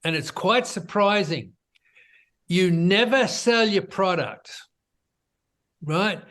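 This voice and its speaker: Man, fairly high-pitched, relaxed conversational storytelling, interview guest. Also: slow. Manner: relaxed, conversational, peppered with "you know" and "right?". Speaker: business founder guest.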